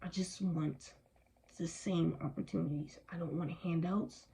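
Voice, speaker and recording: A woman's voice: lowish voice, steady tone, measured pace, vocal fry, warm tone, low-quality recording. A young adult woman vlogging with anger and weariness, speaking emphatically with strong language. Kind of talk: impassioned personal vlog.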